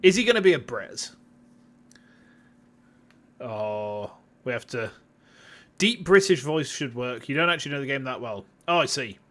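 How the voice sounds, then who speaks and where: A man's voice: mid-range voice, lively intonation, a little slow, long pauses, fairly bright tone. A man streaming a game as a VTuber, chatting casually with swearing asides. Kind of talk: casual let's-play commentary. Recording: music playing underneath.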